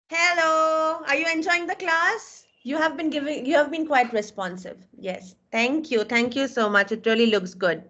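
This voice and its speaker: A woman with an Indian English accent, teaching a live online class and warmly praising her students' work, heard over a video call. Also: a little high. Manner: encouraging, effusive praise, calls out names. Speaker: webinar instructor. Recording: dull lo-fi video call audio.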